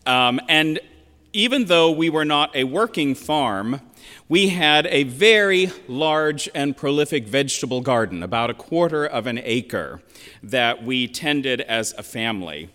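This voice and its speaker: A man in his sixties from western Pennsylvania, preaching a sermon as a pastor in a reflective, measured storytelling manner with emphatic quotations. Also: mid-range voice, lively intonation, bright, forceful tone. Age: 60s. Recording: long reverb of a large hall.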